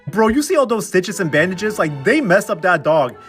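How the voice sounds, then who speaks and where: Young male comedic recapper, slightly high voice, sarcastic slang delivery, faint music behind. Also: moderate pace. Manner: slangy, sarcastic, animated storytelling with mocking quoted voices. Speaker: recap commentator.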